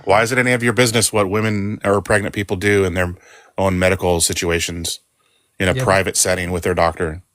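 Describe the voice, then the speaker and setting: A man's voice: low-pitched, little pitch movement, brisk, a bit bright, no echo, clean studio sound. A man in an online debate, speaking bluntly and dismissively.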